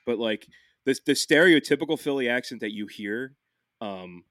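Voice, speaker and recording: A man, hosting a casual podcast. He talks in a loose, rambling way, swearing often and restarting his sentences. His voice sits at a middle pitch and sounds dry and close. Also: expressive, moderate pace, a bit bright, no room sound. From Philadelphia, USA. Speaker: podcast host.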